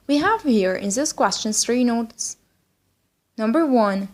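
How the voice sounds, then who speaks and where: A woman whose first language is Arabic teaches English at a slow, careful pace, saying each phrase again and again for learners to copy. Her voice sits fairly high. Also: expressive. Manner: repeats phrases many times for practice. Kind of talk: slow spoken English lesson with repeat-after-me drills.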